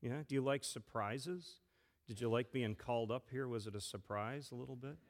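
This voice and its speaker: A man, a pastor giving a playful children's sermon and gently asking a child many questions. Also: mid-range voice, normal speed. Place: church sanctuary. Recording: long church reverb.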